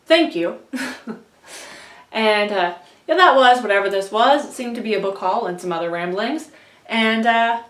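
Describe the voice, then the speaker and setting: This woman, a book vlogger who reads audiobooks, talks in a mid-range, slightly bright voice during a casual, rambling vlog about that work. She's chatty and self-deprecating with frequent laughter, and the echoey room leaves her a bit far from the mic.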